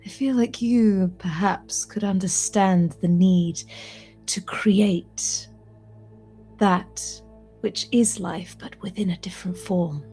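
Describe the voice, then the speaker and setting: Eerie obsessive artist, softly intense, a woman playing it, in whispered role-play: slow, dark and breathy. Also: medium pitch, steady tone, faint music behind. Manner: hushed, unsettling, softly intense.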